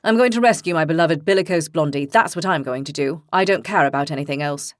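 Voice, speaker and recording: A woman's voice: low-pitched, fast talker, no room sound, clean studio sound, pitched below the performer's own voice, lightly acted. A woman narrator voicing a moody, stubborn young man who speaks emphatically and sulkily. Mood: defiant. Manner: emphatic, sulky.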